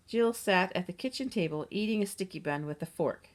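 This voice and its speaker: A woman narrating a children's chapter book aloud in a steady, gentle reading manner. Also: fairly low pitch, fairly quick. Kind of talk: storybook read-aloud.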